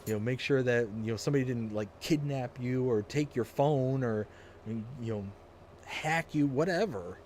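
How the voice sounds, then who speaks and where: A man's voice: mid-range voice, moderate pace, a little mellow, slight background noise. A man hosting a live stream of a farming game, chatting casually, reading viewer comments aloud and rambling through stories with frequent laughs. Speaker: livestream host playing a farming game. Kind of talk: casual livestream chat.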